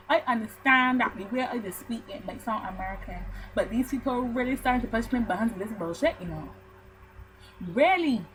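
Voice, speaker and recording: Animated Barbadian woman ranting to camera. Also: a little high, a little hiss or hum, low-quality recording. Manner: animated storytelling, ranting with mock outrage. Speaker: vlogger. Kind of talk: casual chat to camera.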